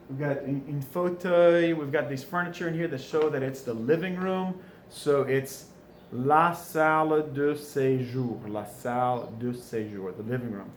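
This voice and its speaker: A man with a South Louisiana accent teaching French, going over answers and asking questions he answers himself. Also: a little high. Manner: patient, asks questions and answers them himself. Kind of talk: recorded classroom lesson going over answers. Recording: echoey room, faint ambient noise.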